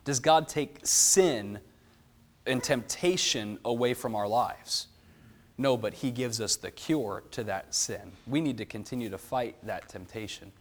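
A man leading a Bible study, explaining verses and asking the group questions in an animated way. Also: mid-range voice, measured pace. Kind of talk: teaching a Bible class.

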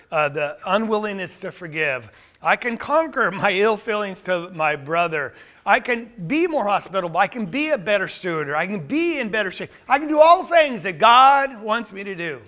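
High bright guy preaching, emphatic, keeps restarting phrases. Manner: emphatic, rising to forceful peaks. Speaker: pastor. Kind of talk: sermon.

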